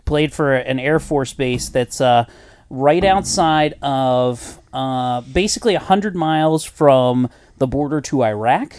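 A man's voice: medium pitch, slow pace, darkish tone, clear, resonant tone, no echo. Rambling man telling a travel story. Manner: rambling storyteller, many fillers and acted quotes. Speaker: podcast host. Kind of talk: casual chat.

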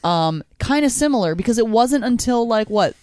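A woman's voice: a little high, animated, moderate pace, darkish tone, no room sound, studio quality. A woman co-hosting a comedy podcast, teasing the others, giggling and swearing freely. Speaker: podcast co-host. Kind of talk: casual comedy podcast chat.

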